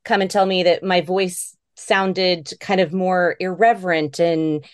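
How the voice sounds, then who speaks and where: A woman's voice: on the low side, steady tone, a little slow, no echo, studio quality. A woman co-hosting a podcast, talking casually and hesitantly with many fillers. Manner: hesitant, filler-heavy phrasing. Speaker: podcast co-host. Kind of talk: casual chat.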